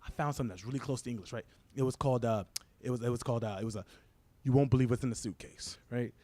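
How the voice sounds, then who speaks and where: A man's voice: medium pitch, warm tone, no room sound. A young man doing a crude stand-up comedy routine, telling a story and tossing "right?" to the crowd. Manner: fast, crude storytelling with frequent "right?" asides.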